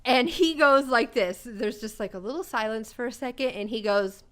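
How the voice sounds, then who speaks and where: A young woman co-hosting a podcast, telling stories in casual chat, swearing freely and breaking into loud laughter between lines. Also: a little high, normal speed. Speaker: podcast co-host.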